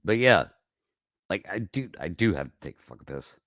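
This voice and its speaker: A man hosting a casual livestream, talking in a rambling, profane way that swings from mumbled asides to loud outbursts, on a close mic. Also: low voice, very animated, normal speed, dry recording. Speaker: livestream host.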